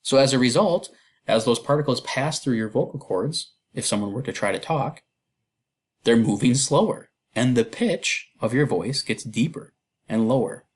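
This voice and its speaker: Husky-voiced man teaching chemistry. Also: mid-range voice, lively intonation, moderate pace. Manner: casual and chatty, fillers and self-deprecating asides. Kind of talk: recorded lecture walkthrough.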